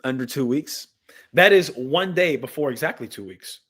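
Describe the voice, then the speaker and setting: Male livestream commentator, mid-range pitch, impassioned, reads texts aloud and addresses viewers directly. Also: animated, moderate pace, fairly bright tone. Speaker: livestream host and Bible commentator. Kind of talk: live news commentary with scripture reading.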